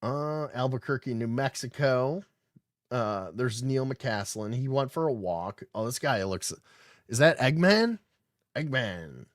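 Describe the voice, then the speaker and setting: This man hosts a podcast in the style of casual livestream commentary, reading out news stories and riffing on them with irreverence, swearing and an easygoing tone. His voice sits in the mid range and he takes his time. The sound is dry and clean, studio grade.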